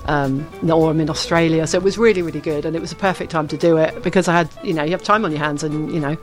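A woman's voice: sits low, steady tone, fast, soft background music. A woman from the UK, an author being interviewed, talking in a chatty, rambling way with frequent laughs. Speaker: author guest. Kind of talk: casual interview chat.

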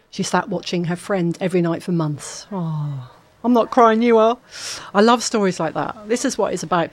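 A woman's voice: fairly low pitch, a little mellow. A woman presenting a live radio show, chatting in an upbeat, chatty way with frequent ums.

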